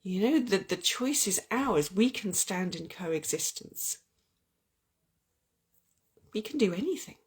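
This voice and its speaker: A woman's voice: medium pitch, expressive, takes it slowly, long pauses, husky. A woman hosting an earnest, heartfelt spiritual chat about love and oracle cards, often restarting her sentences. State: getting weepy. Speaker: spiritual channel host.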